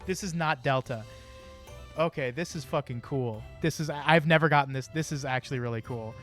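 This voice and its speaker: Excitable, swearing young male streamer. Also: on the high side, fairly quick, soft background music. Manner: excitable, profane, joking. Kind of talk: casual game commentary.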